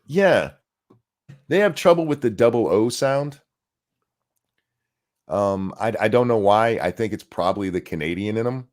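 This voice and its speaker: A man's voice: lowish voice, animated, a little slow, long pauses, a little mellow. A man co-hosting a casual podcast, ranting in a crude, mocking, profane way. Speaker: podcast co-host.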